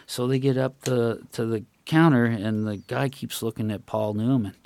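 A man's voice: mid-range voice, normal speed, vocal fry, a little mellow. Older man telling rambling stories. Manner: rambling anecdotes with chuckles. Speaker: guest, retired racing crew member. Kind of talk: casual storytelling.

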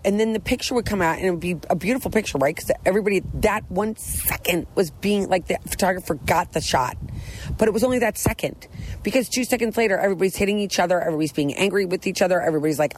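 A middle-aged woman speaks earnestly about her own life in a candid, rambling monologue, often circling back and restarting her sentences. Her voice sits at an ordinary middle pitch. A faint hiss of ambience lies behind her. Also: animated, quick pace, darkish tone, low-quality recording.

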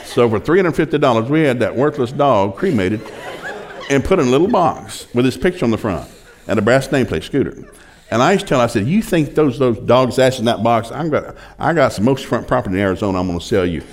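Folksy older preacher, lively pitch. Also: male voice, quick pace. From rural Oklahoma. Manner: folksy, chuckling, animated storyteller. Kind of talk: humorous sermon storytelling.

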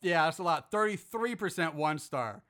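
Male podcast host, high and bright, casually sarcastic and foul-mouthed when he riffs on reviews. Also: expressive, normal speed. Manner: sarcastic, profane, mock-outraged.

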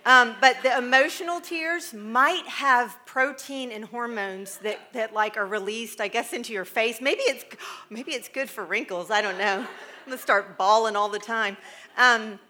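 Middle-aged american woman rambling to a crowd, bright voice, kinda high, laughing a lot. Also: normal speed. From United States. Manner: chatty and rambling, with frequent laughs and asides. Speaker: speaker addressing a live audience. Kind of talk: casual humorous talk to an audience.

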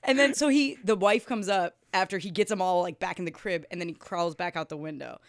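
A woman's voice: fairly low pitch, brisk. A tipsy woman co-hosting a podcast who retells a film, giggling and acting out the lines. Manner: giggly, animated, acts out quotes. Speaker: podcast co-host. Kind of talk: casual chat, film recap. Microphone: close studio mic.

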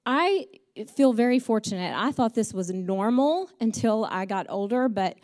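A woman's voice: on the high side, expressive, moderate pace, a little mellow. Woman, middle-aged, church speaker, heartfelt, chatty, lots of ums. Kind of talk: personal storytelling message.

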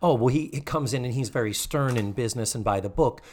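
A man's voice: medium pitch, quick pace, a little mellow. A man hosting a podcast, chatting casually about a TV episode, laughing often and acting out quotes. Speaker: podcast host. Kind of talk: casual chat recapping a TV episode.

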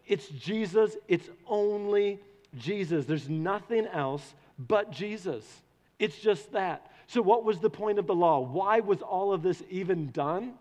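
A man preaching a sermon to a congregation, animated and putting questions to the listeners. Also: high-pitched, unhurried. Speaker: pastor. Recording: long hall reverb.

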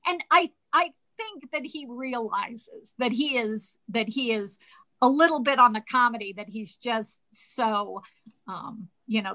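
A woman's voice: a little high, expressive, unhurried, bright, forceful tone. A woman in a casual discussion of a play, wry and joking. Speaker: discussion participant.

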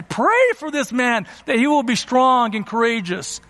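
A man's voice: very high-pitched, very animated, a little slow, hardly any pauses, a bit bright, big-room sound. A middle-aged man preaching a sermon as a pastor, emphatic and exhorting, often repeating his phrases. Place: church sanctuary.

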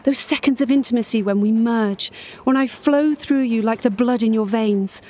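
An actress in an audio drama playing a lonely, obsessive middle-aged woman who fixates on a stranger, talking in a hushed, dreamy, intimate way and sometimes whispering. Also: fairly high pitch, normal speed, natural voice. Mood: dreamy, infatuated.

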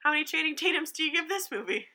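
A young woman in casual chat, co-hosting a movie review, giggly and animated, acting out little voices as she tells the story. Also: sits high, rapid-fire. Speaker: podcast co-host reviewing a movie.

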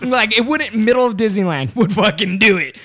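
This young man's voice sits high and moves briskly, with a little hiss or hum in the recording. Hosting a relaxed podcast, he spins animated stories, curses often, and performs the quotes.

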